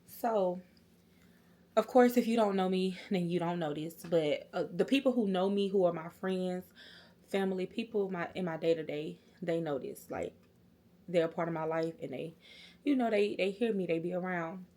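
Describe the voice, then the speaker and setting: A woman's voice: fairly low pitch, moderate pace, dark tone. A young woman, vlogging casually to camera about a hard experience, holding back tears with nervous laughs.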